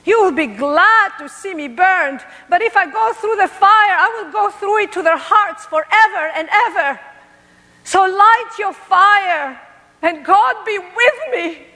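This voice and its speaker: A woman's voice: very high voice, animated, a little slow, pushed and bright, exaggerated voice. A woman with a Greek accent performing a defiant young peasant saint in an impassioned, solemn stage monologue, recorded in a performing arts center. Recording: echoey large hall.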